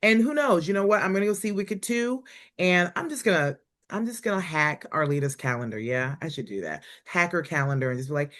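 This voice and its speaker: A woman's voice: lowish voice, lively intonation, moderate pace, fairly bright tone. A woman hosting a comedy review show, talking in a chatty, playful way. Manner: chatty, playful, self-promoting. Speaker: host. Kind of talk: casual chat.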